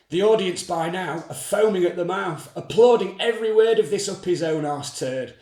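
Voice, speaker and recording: A man performing dark comedic spoken word in scathing, sardonic rhyming verse. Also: high voice, roomy sound.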